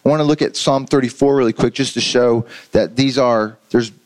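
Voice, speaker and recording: This is a man delivering a church sermon with an ordinary mid-range pitch. He speaks earnestly and conversationally, restarting phrases and checking in with rhetorical questions as he teaches. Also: brisk, poor audio. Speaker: pastor.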